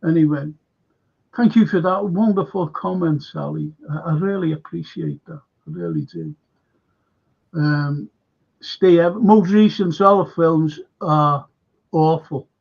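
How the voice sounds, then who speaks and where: A man hosting a casual film chat stream, excitable and reading out viewer comments. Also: a little high, unhurried, gravelly, breathy edge. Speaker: host. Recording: dull lo-fi stream audio.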